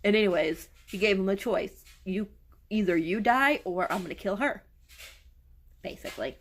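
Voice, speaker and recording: A woman's voice: medium pitch, normal speed. A woman book reviewer reading a novel aloud and retelling it in a casual way, stumbling and restarting over words.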